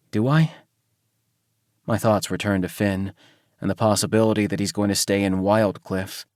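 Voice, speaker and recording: Low-voiced male audiobook narrator. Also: a little mellow, no echo, studio quality. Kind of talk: first-person audiobook narration.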